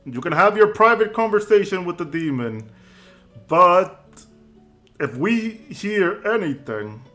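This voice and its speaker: A man's voice: high-pitched, big pitch swings, slow pace, bright, forceful tone, soft background music, voice pushed up, exaggerated voice. A man voicing a group of wary tower wizards, speaking in a raised, cautious warning tone.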